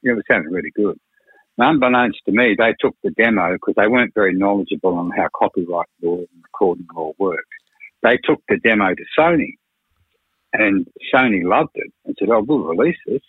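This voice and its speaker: Low-voiced, husky man, a rambling raconteur on a tinny phone-like line. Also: fairly quick, dry recording. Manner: rambling, frank, peppered with "you know" and swearing. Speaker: record producer. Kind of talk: radio interview storytelling.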